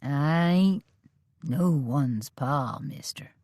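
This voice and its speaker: A woman voicing a wary, terse drifter man with a gravelly, twangy Southern accent, spoken low and hushed. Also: very slow, no echo, studio quality, full character voice. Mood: gruff wary.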